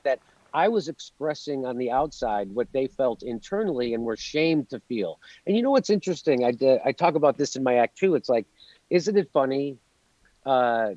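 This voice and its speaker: A man's voice: on the high side, darkish tone, dry recording, highs cut off. A man in an interview, ranting in a sarcastic, profane, worked-up way. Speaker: guest comedian. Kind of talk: animated interview rant.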